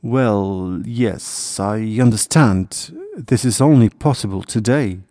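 A man's voice: on the low side, slow, dark tone, dry recording, studio quality. A man doing a big kind storybook deer. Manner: friendly, reassuring. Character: big kind male deer, cheerful and gentle. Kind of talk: storybook character voice.

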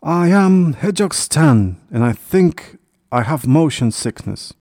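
A man's voice: on the high side, very animated, unhurried, darkish tone, no room sound, clean studio sound, voice pushed up. A man voicing a shy, timid little young male hedgehog in a storybook, speaking hesitantly. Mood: startled. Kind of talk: storybook character voice.

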